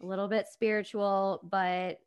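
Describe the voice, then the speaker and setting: A woman's voice: medium pitch, flat delivery, moderate pace, clean tone. A woman, a business coach chatting as a podcast guest, upbeat and digressive. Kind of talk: casual podcast conversation.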